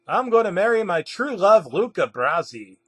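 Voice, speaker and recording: A man voicing a flamboyant, dramatic male spouse in a high, campy voice. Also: very animated, normal speed, slightly rough, no echo, heavily acted.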